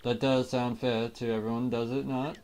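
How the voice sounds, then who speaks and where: A man's voice: mid-range voice, little pitch movement, normal speed, a little mellow, lightly acted. A man voicing a pompous, vain male ship-owner in a video game, declaiming grandly and theatrically. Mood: commanding.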